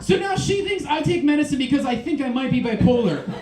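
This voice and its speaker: A man doing a stand-up set, telling stories in a manic rush with shouted asides. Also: very high-pitched, lively intonation, fairly quick. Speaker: stand-up comedian. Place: comedy club stage. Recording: echoey club room.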